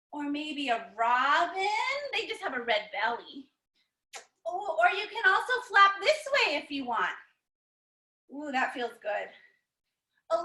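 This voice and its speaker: A young woman leads a story-time yoga class for kids, encouraging them in a sing-song way, captured on her computer's microphone. Her voice sits high with a sharp tone.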